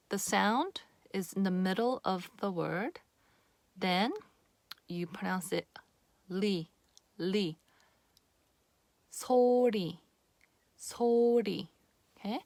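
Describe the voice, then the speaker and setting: Slow, patient woman teaching pronunciation. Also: lowish voice, vocal fry, no echo. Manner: patient, repeats sounds slowly for the viewer. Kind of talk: casual on-camera pronunciation lesson.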